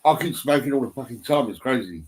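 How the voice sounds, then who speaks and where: A man's voice: medium pitch, animated, quick pace, darkish tone, a little hiss or hum. A middle-aged man chatting at home into a phone, rambling with lots of swearing, ums and restarts. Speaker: vlogger. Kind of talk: casual rambling chat. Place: indoors at home, on a settee.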